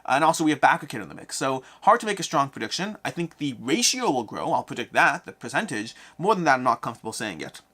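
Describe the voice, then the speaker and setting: A man hosting a casual live question-and-answer stream, reading chat comments aloud and answering with jokes and quick asides. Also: mid-range voice, husky. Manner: animated, reads chat aloud, jokey.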